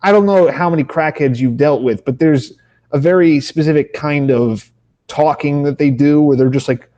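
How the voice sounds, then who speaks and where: A man's voice: fairly high pitch, normal speed, mellow, highs cut off. Rambling, swearing male podcast co-host. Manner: rambling storyteller, swears, restarts often. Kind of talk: casual chat.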